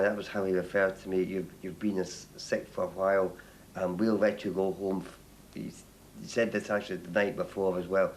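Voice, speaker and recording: Older man from Northern Ireland, documentary interviewee; low voice, halting delivery with repeated words, faint hiss in the background. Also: little pitch movement. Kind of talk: documentary testimony.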